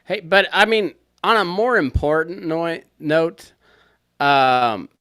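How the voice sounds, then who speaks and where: A man's voice: fairly high pitch, slow, fairly bright tone, no echo, studio quality. A man co-hosting a podcast, making mock-serious sarcastic jokes in comedic banter. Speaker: podcast co-host.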